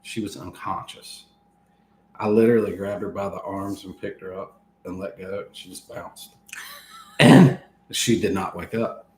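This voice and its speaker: A man's voice: deep voice, measured pace. Man telling a story in a roomy echo. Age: 30s. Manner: animated, laughing between lines, acts out quoted speech. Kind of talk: casual storytelling.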